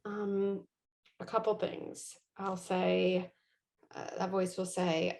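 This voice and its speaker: A middle-aged woman speaking as an interview guest, reflective and full of fillers. Her voice stays level in pitch and carries a gravelly edge. She thinks aloud, restarting her sentences as she goes. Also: level tone, unhurried, a little mellow. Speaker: guest, parenting psychologist. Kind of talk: conversational interview.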